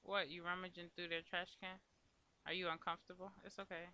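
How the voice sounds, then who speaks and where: A man hosts a casual let's play, chatting to the game characters and his viewers as he goes. His voice is very bright and sits a bit high. He speaks in a loose, conversational way throughout. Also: level tone, fairly quick, clear, resonant tone. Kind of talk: casual gameplay commentary.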